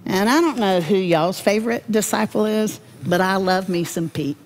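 A woman giving a devotional Bible teaching, folksy and humorous, with animated storytelling. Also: medium pitch, normal speed, slight background noise.

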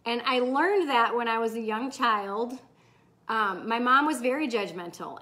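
A middle-aged woman talks candidly in a casual live chat, swearing freely and breaking into excited whoops. Her voice sits high and bright, with an open, outspoken delivery. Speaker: host.

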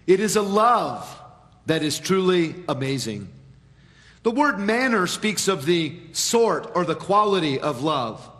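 High-voiced man preaching in a reverberant hall. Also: lively intonation, fairly bright tone. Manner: measured preaching with dramatic pauses and sudden drops in volume. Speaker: pastor. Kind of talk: sermon. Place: church sanctuary.

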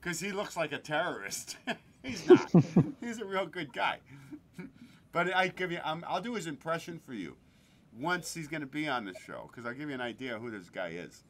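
A man's voice: a little high, animated, moderate pace. Crude, laughing podcast host man. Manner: crude, joking, laughs often. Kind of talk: casual chat.

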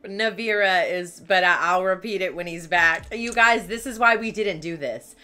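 A woman player in casual tabletop game chat, excitable and lively, laughing as she tells about her character. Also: on the low side, normal speed, smooth.

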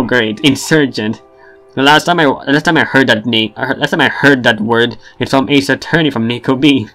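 A man's voice: medium pitch, expressive, moderate pace, fairly bright tone, soft background music. A man giving casual game commentary, with wry remarks and chuckles as he plays. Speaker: gamer.

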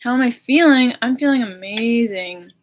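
A woman's voice: a little high, normal speed, background noise. A young woman musician chatting on a livestream, giddy and gushing, laughing often. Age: young adult. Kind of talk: casual livestream chat. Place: home.

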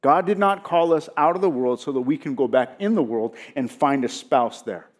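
A man's voice: mid-range voice, lively intonation, moderate pace. A male pastor giving a sermon, preaching with emphasis and often putting rhetorical questions to his congregation.

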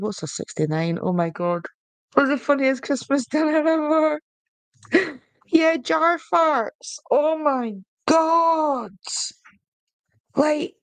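A woman's voice: a little high, no echo. A young woman hosting a live stream, chatting playfully with viewers, giggling, and reading oracle cards aloud. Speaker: podcast host doing oracle card readings.

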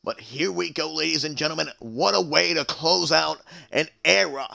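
Male stream commentator, announcer energy, high and very gravelly. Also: moderate pace, sharp tone. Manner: hype announcer, chatting to live stream viewers. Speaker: wrestling commentator. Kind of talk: play-by-play commentary of a video game wrestling show.

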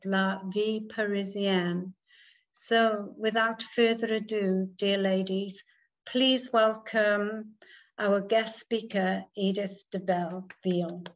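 A woman hosting a ladies' group, giving a formal, measured introduction of a guest speaker. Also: medium pitch.

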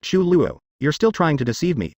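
A man's voice: fairly high pitch, sing-song, moderate pace, darkish tone, dry recording, clean studio sound. A man voicing an angry, resentful immortal woman in a fantasy audiobook, speaking coldly and accusingly. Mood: furious. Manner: cold and accusing.

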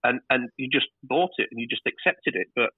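A man, a TV director, telling lively stories in a casual interview and swearing freely. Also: mid-range voice, a little fast, husky, dry recording. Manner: animated storyteller, swears freely. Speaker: TV director, guest. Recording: tinny phone-like line.

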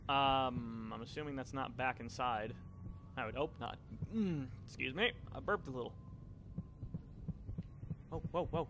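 A young man giving casual, sweary commentary on a video game he is playing, turning excitable and yelling whenever things go wrong. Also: medium pitch, measured pace, long pauses, noisy background. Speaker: let's play commentator.

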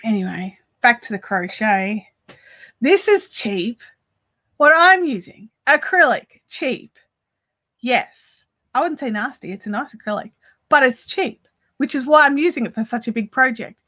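A woman chats on a live stream while she crochets. Her voice is bright and a little high, and she talks straight to the viewers as she reads their comments out. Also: animated, measured pace. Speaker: crochet livestream host.

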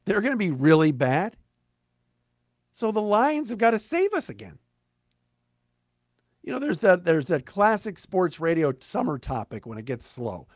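A middle-aged man rants through a sports podcast monologue, blunt and sarcastic, hammering his points home. His voice sits a little high for a man, recorded dry and close with no room sound. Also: sing-song, moderate pace, pauses often, no room sound. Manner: blunt, emphatic, sarcastic, mocks fans in put-on voices.

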